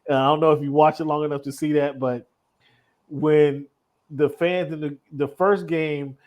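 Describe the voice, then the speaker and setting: A man co-hosting a casual sports talk show, telling stories with frequent laughter and lively asides. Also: on the high side, moderate pace, lo-fi sound. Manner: animated storyteller, laughs often. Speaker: podcast co-host.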